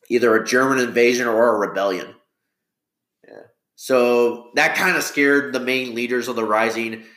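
A man of middle pitch talks through a history story off the cuff, stumbling and restarting as he goes. His voice rings in a roomy, echoey space. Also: fairly bright tone. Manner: rambling, full of fillers and self-corrections. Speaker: history talker. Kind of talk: casual spoken history explainer.

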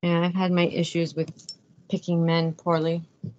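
A woman's voice: on the low side, monotone, normal speed, a little mellow. A woman in casual podcast chat who answers briefly and dryly. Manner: brief, dry replies. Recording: dull lo-fi, dry.

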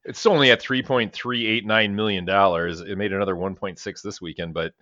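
Low-voiced man rambling on a podcast. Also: fairly even intonation, brisk, pushed and bright, no echo. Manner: rambling, swears casually, talks while eating. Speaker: podcast co-host. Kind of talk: casual podcast chat. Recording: dull, lo-fi dry podcast audio.

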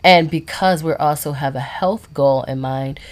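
Woman podcast co-host, low voice, expressive and dramatic in casual chat. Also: measured pace.

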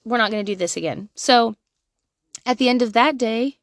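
A mom in her thirties speaks frankly and profanely about parenting in a candid monologue, often laughing and veering from soft asides to loud bursts. Her voice is on the high side at a normal speed, in a studio-quality recording without room sound.

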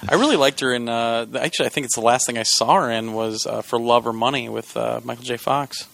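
A man co-hosting a gaming podcast, chatting casually, joking and swearing excitedly. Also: medium pitch, fast talker, creaky, no echo. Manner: animated, swears and jokes, excitable. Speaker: podcast co-host. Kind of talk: casual chat.

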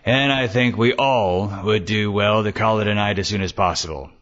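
A man reading the part of a calm, fatherly police lieutenant with a placating, easygoing manner. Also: on the low side, normal speed, lightly acted. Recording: dull lo-fi recording.

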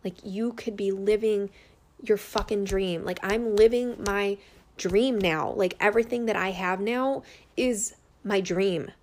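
A woman's voice: mid-range voice, measured pace, a little mellow, slight background noise. A woman in her thirties speaking earnestly and openly to her viewers as a holistic healer, unscripted and full of fillers. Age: 30s. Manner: unscripted, rambling with many fillers. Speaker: holistic healer and business owner. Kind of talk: personal testimonial vlog.

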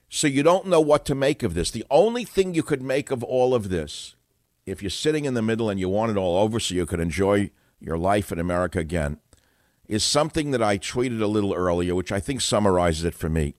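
A man's voice: mid-range voice, no echo, clean studio sound. A man hosting political talk radio, delivering an indignant, dramatic monologue. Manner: indignant, dramatic, name-calling. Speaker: radio talk show host.

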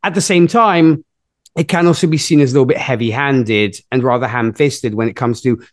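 A man's voice: mid-range voice, fairly quick, no room sound, clean studio sound. A man hosting a podcast, chatting enthusiastically in a casual movie review. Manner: enthusiastic, lively storytelling. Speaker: podcast host.

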